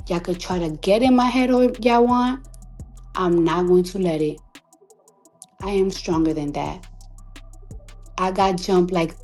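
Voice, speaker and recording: A woman artist delivering an emotional, defiant monologue on a live audio chat, repeating herself for emphasis, swearing freely and sometimes dropping to a hushed whisper. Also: on the low side. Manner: emphatic, defiant, repetitive, profane; slows to a hushed whisper at times. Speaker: recording artist.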